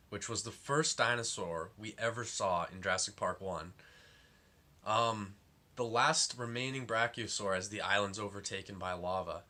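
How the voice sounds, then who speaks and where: A man's voice: fairly low pitch, sharp tone. A young man giving a casual, rambling film review, full of fillers and exasperation.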